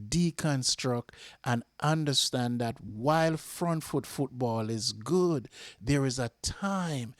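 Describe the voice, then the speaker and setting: A Jamaican man hosting a fan channel, giving an impassioned match reaction that repeats itself and flares up before calming. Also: fairly high pitch, dry recording, clean studio sound. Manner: impassioned, repeats himself, flares up then calms.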